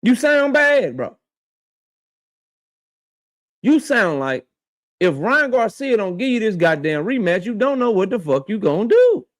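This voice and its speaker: High-voiced man in a heated boxing rant. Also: big pitch swings, a little slow, long pauses, no echo, clean studio sound. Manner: confrontational, profane, repeats his points; addresses his target directly. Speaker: boxing channel host.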